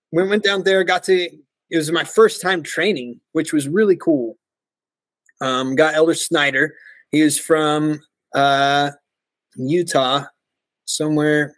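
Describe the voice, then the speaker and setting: An American man in his forties, a podcast guest telling lively stories, laughing often and mimicking voices. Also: on the high side, takes it slowly, no room sound. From United States. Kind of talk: casual storytelling interview.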